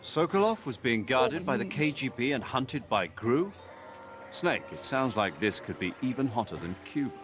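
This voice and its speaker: A man playing a brisk commanding officer on radio. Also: medium pitch, very animated, background noise, lightly acted. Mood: urgent. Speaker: game character. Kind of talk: video game voice acting.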